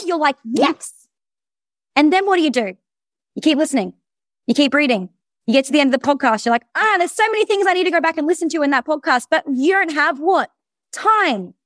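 Fast, high-voiced woman coach. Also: dry recording, studio quality. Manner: energetic, blunt, swears freely. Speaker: business coach. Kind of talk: recorded presentation.

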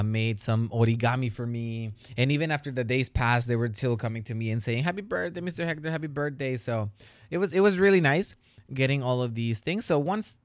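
A man hosting a solo educational podcast, talking casually as a teacher and turning lively when he retells classroom stories. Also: medium pitch, clear, resonant tone, dry recording, clean studio sound.

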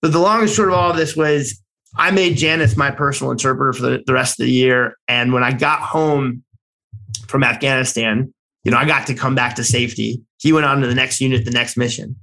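American man, veteran, bright forceful voice, animated storyteller who swears and restarts a lot. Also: medium pitch, a little fast, vocal fry, rough recording. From United States. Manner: animated, excited storytelling with many restarts and fillers; blunt, swears casually. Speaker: military veteran. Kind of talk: personal war story told conversationally.

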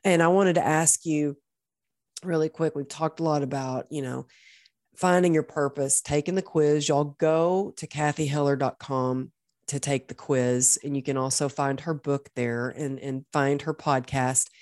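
Woman podcast host, very low voice, effusive, faith-tinged, dry close sound. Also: fairly even intonation, measured pace, a little mellow, no echo. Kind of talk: conversational interview.

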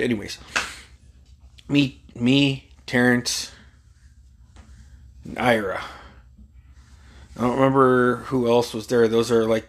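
A man in his forties from Alaska tells a casual, rambling story, swearing freely and chuckling as he goes. His voice sits at an ordinary middle pitch. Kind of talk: casual anecdote telling.

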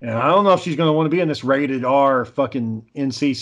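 A man's voice: medium pitch, fast, lo-fi sound. A man telling rambling stories in a casual chat, swearing constantly, an amateur filmmaker. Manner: rambling storyteller, heavy swearing.

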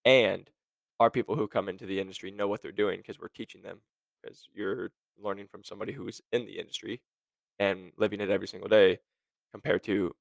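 A man's voice: fairly low pitch, creaky, no echo. A man hosting a podcast, talking in a blunt, sarcastic rant to his listeners. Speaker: podcast host. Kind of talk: casual monologue.

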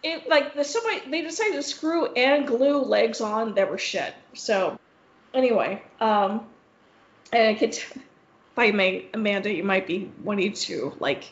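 A young woman with a fairly high voice co-hosts a podcast, rambling through a story at a measured pace with plenty of swearing and "like." The casual storytelling chat has a roomy, slightly dull sound.

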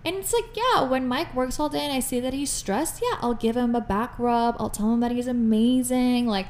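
Chatty, animated woman podcast co-host. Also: on the high side, moderate pace, a little hiss or hum. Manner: animated, chatty, many fillers like "like" and "you know". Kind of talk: casual podcast chat.

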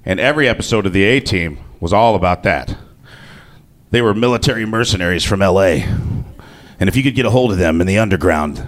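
A man with a fairly low voice tells a funny story from his own life. He talks loosely and jokingly, and he swears without any hesitation. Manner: casual, joking, swears freely. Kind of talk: live comic personal storytelling.

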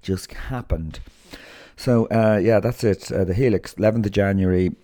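Deep-voiced Dublin Irish man, chatty. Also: moderate pace, dark tone, no echo, clean studio sound. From Ireland. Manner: chatty, rambling, with slang and fillers. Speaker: podcast host and comedian. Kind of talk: casual podcast chat.

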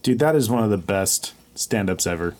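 A man's voice: on the low side, animated, darkish tone, slight background noise. A man co-hosting a podcast, bantering casually with friends and laughing often. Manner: laughs often, reads show plugs quickly. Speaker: podcast co-host.

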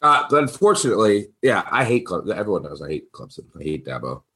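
A man hosting a sports betting podcast, chatting casually and getting excited in sudden bursts. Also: quick pace. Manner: excitable, big leaps in pitch. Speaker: podcast host.

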